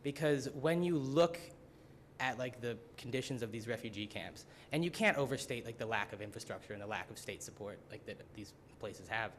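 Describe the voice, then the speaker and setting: A man's voice: medium pitch, expressive, brisk, a little hiss or hum. A young man, a student from the United States, giving an earnest symposium presentation full of fillers like "like" and "uh". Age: young adult.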